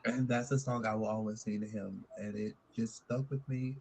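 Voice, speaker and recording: A man, a contestant, telling a personal story in a halting, soft-spoken way with many pauses. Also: lowish voice, fairly even intonation, gravelly, a little hiss or hum, poor audio.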